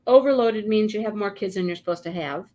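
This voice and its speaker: A woman co-hosting a live show in casual chat, telling stories in an animated way and laughing often. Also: medium pitch, fast talker. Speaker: co-host.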